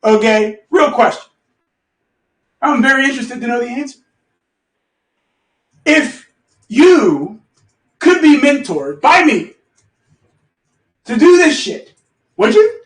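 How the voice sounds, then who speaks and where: A man with a very high voice telling a casual story to his community. He is animated and swears freely, laughs often, and keeps asking "okay?". His voice echoes around the room from a mic placed some distance away. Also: slow pace, pauses often. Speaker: host.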